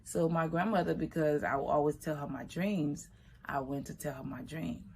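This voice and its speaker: A woman from Liberia in her thirties, telling a personal story in an unhurried, reflective way. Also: low-pitched, steady tone, gravelly, darkish tone, slight background noise. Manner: unhurried, reflective, slips into quoted voices.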